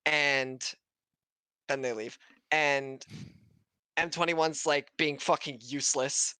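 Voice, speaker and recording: A bright, forward-sounding man talking through a plot recap on a podcast stream, swearing freely and laughing as he goes. His voice is dry and close, with no room sound. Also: a little high, steady tone, smooth, no echo. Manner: swearing, laughing, acting out characters in quick voices. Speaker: podcast co-host recapping an episode. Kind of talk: casual chat, recap. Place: home setup on a stream.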